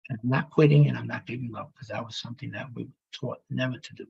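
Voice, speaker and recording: A man with a heavily gravelly, husky voice recounts an emotional personal testimony. He speaks haltingly, pausing and restarting as feeling catches him, over a dull, muffled recording. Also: mid-range voice, steady tone, a little mellow. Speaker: speaker telling his near-death story.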